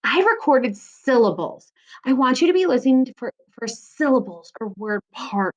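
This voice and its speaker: A woman teaching a recorded phonics lesson to second graders, sounding out words slowly and encouraging the children as she goes. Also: on the high side, lively intonation, lo-fi sound.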